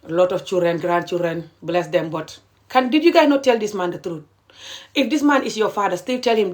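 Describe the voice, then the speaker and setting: A woman's voice: fairly low pitch, lively intonation, fairly quick. A middle-aged woman, ranting passionately and indignantly to viewers on a live stream, repeating her points.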